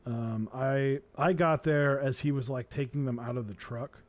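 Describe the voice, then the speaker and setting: A man's voice: medium pitch, steady tone, normal speed. Chatty male streamer, rambling storyteller. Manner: rambling, chatty storytelling with restarts, greets chat viewers. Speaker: keyboard-building streamer. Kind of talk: casual live-stream chat.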